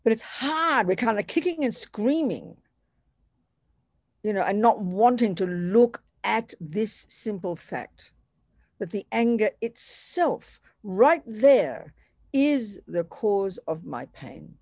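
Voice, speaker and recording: A woman teaching Buddhist ideas in a conversational dharma talk, animated and self-deprecating, slipping into other people's voices to make her points. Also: medium pitch, slow, dry recording, clean studio sound. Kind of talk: dharma talk to a retreat group.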